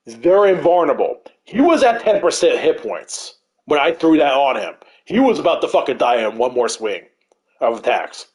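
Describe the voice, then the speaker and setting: A man telling a gaming story in casual chat, swearing a lot and acting out what others said. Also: mid-range voice. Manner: animated and profane, acts out what others said.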